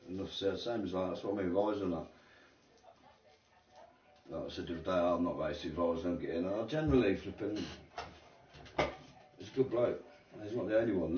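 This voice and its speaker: Rambling slangy man, deep and roomy. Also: recorded from a distance, a little hiss or hum. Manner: rambling, slangy, swears freely. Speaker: racing game streamer. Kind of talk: casual chat while gaming. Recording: roomy, dull home mic.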